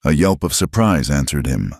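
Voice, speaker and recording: A man narrating a western story in a grave, measured scripted telling. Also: extremely low pitch, sing-song, gravelly, darkish tone, slightly rough, no echo, clean studio sound.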